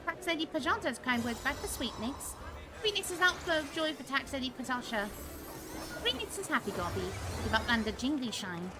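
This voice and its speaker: A woman's voice: sits high, sing-song, normal speed, over music, voice pushed up. A woman voicing a cheerful small beast-tribe merchant creature that speaks in broken, childlike phrases while reading game dialogue aloud.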